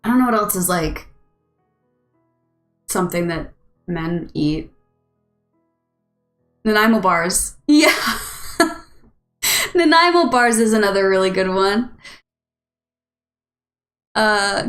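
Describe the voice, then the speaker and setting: A woman's voice: medium pitch, lively intonation, slow, long pauses, fairly bright tone, reverberant, soft background music. A woman host chatting casually with viewers on a live stream, rambling and giggly. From United States.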